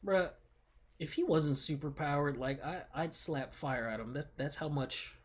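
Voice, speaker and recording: Young male streamer, husky voice, slangy laid-back rambling chat. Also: a little high, a little slow. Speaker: livestreamer. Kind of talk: casual livestream chat.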